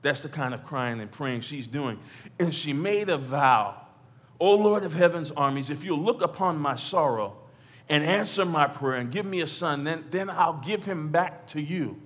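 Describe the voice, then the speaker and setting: A man preaching as pastor, talking to the congregation conversationally, acting out quotes and building to loud exhortation. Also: a little high, animated, normal speed. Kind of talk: sermon.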